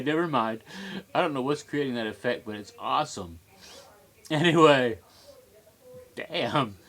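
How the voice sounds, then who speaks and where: A tipsy man talks into his webcam in a loose, rambling monologue. He is giggly and keeps wandering off topic. His voice sits at an ordinary middle pitch. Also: a bit bright. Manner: rambling, giggly, easily sidetracked. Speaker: vlogger. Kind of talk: rambling casual monologue to camera.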